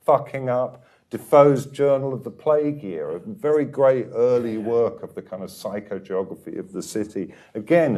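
A man's voice: mid-range voice, mellow. A man speaking as a guest author at a live panel event, erudite, sweeping and freely profane.

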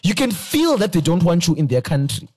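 A man's voice: fairly high pitch, sing-song, brisk, darkish tone, husky. A Zimbabwean man hosting a casual podcast chat, joking, laughing and often repeating his words. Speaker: podcast host.

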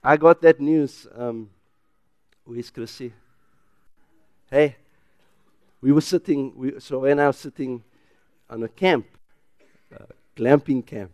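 This church sermon comes from a pastor of medium pitch with a South African English accent. He swings from loud, emphatic proclamations to quiet storytelling about his own life, and the sound carries no echo.

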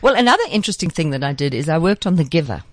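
A South African woman, an actress and accent coach, telling lively stories as a studio guest and acting out the people she quotes. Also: low voice, racing. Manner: lively anecdotal storyteller who acts out quotes.

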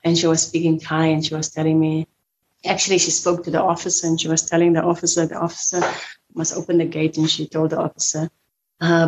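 Woman telling her story, low steady voice, stops and repeats herself, lots of uh and you know. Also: highs cut off, slight background noise. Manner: halting, repeats words, spoken fillers. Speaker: survivor guest. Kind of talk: emotional personal testimony.

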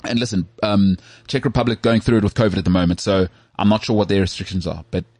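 Husky-voiced South African man chatting. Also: on the low side, fast, dry recording. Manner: animated, rambling storyteller. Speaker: podcast co-host. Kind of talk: casual chat. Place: Cape Town.

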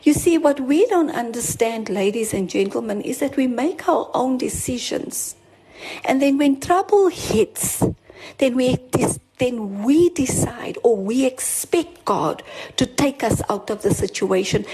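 A woman's voice: fairly high pitch, animated, measured pace, mellow, slightly rough, poor audio. A woman preaching a sermon, telling her own story earnestly, repeating herself as she stresses her points. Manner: earnest, with restarts and rising emphasis. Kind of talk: sermon with personal testimony.

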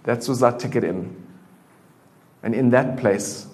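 A man preaching a sermon in a church in a relaxed, conversational way, full of fillers. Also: medium pitch, measured pace. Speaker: pastor.

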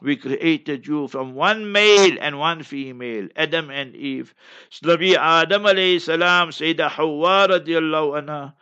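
A man's voice: on the high side, unhurried, sharp tone, smooth, highs cut off. A male religious teacher giving a stern, emphatic sermon-style lesson, moving between English and chanted Arabic recitation. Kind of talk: instructive sermon.

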